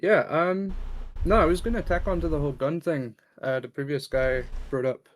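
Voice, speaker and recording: A man's voice: a little high, normal speed, a little hiss or hum. A man from the north of the UK with a northern English accent, calling in to a livestream and talking casually and hesitantly, with many ums. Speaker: caller. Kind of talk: casual chat.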